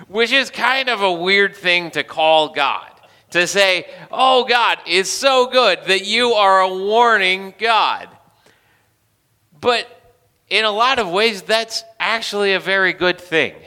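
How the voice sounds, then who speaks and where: Pastor, male, slightly high, very bright and clear voice, relaxed joking sermon delivery, church with long reverb. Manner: conversational, self-deprecating humor, frequent restarts. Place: church sanctuary.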